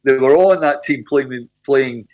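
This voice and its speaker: A man's voice: medium pitch, normal speed, darkish tone, lo-fi sound. A man talking football on a panel, rambling and repeating himself. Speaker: panel guest.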